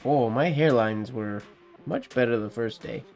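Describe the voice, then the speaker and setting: Speaking a little slowly in a medium-pitched voice, a man casually muses aloud while doing calligraphy on a stream, then reads out a holiday poem. His manner is relaxed, with faint music behind him.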